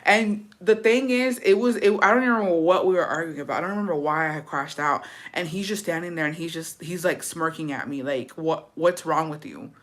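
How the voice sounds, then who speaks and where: A woman's voice: fairly low pitch, quick pace, hardly any pauses, a bit bright. Chatty, profane young woman storyteller. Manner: profane, chatty, mixes in Spanish words. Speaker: livestreamer. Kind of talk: casual storytelling chat.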